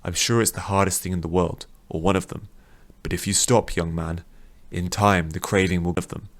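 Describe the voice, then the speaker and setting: A calm, patient old man who reasons steadily with others, as a man reads him. The voice is very low and even. Storybook audiobook delivery. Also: moderate pace.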